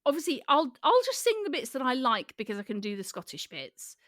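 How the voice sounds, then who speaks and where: A woman's voice: high voice, wildly swooping pitch, brisk, a bit bright, no echo. A woman co-hosting a podcast, chatting in a playful, giggly, rambling way. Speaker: podcast co-host. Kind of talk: casual comedic chat.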